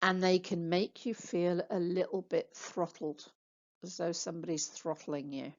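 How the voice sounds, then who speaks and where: Woman, therapist teaching anatomy, patient, lowish voice, dull lo-fi sound. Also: steady tone, a little mellow. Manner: slow, patient, spells out muscle names. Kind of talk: slide lecture.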